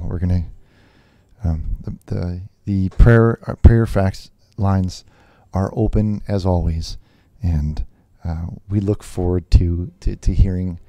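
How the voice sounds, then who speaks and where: A man plays a nervous televangelist hosting a call-in show, speaking haltingly with many fillers and restarts. His voice sits low with a dark tone, and there's no echo.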